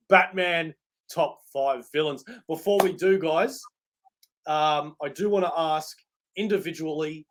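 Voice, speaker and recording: An Australian man hosts a casual podcast with a noticeably high voice. He makes playful, showman-like introductions and jokes with his co-hosts. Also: a bit bright. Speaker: podcast host.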